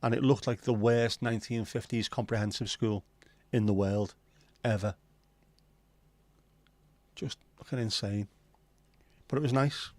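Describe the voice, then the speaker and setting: A livestream host with a low, steady, darkish voice speaks at a measured pace and pauses often. He chats loosely, swears freely and reads viewer comments, with no room sound on the recording.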